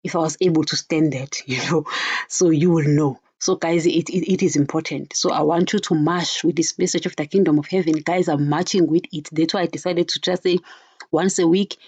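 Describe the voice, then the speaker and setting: Woman podcast preacher, mellow husky voice, earnest and chatty, dull dry lo-fi recording. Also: low voice, steady tone, moderate pace, dry recording. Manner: earnest, repeatedly addresses listeners as "guys". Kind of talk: informal preaching to listeners.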